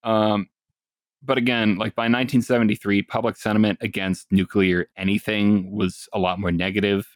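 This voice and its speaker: Low-voiced man, relaxed podcast chat. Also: normal speed, no echo, clean studio sound. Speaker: podcast guest presenting the topic.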